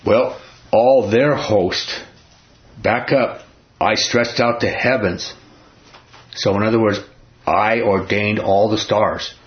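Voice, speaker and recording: A man's voice: on the low side, fairly even intonation, slow, long pauses, highs cut off. A man teaching a Bible study in a folksy, emphatic way, often asking the group questions.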